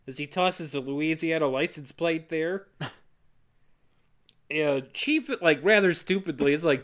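A man co-hosting a podcast, retelling a movie scene by scene in casual chat and briskly quoting the characters. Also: fairly high pitch, a bit bright. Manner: brisk storyteller quoting characters in quick voices. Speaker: podcast co-host.

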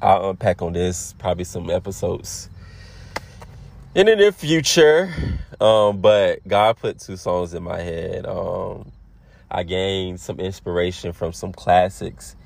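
Deep gravelly young man, close and dry. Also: measured pace. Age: 20s. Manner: relaxed, affirming, repeats phrases, spiritual encouragement. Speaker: podcast host. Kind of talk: casual motivational monologue.

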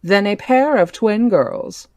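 A book club podcast host reads a novel aloud, plain and measured. The pitch sits in the middle range. The recording is dry and close, with no room echo. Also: expressive, a little mellow. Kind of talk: reading aloud a novel, casual.

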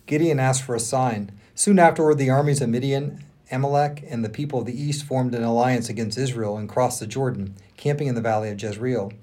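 A man co-hosting a podcast, reading scripture aloud in a measured, earnest way. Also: mid-range voice, warm tone.

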